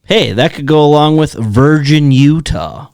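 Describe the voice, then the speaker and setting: A man's voice: on the high side, a little slow, darkish tone, clear, resonant tone, no room sound, clean studio sound. A man co-hosting a podcast in casual chat, riffing on crude puns and joking with his partner. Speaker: podcast co-host.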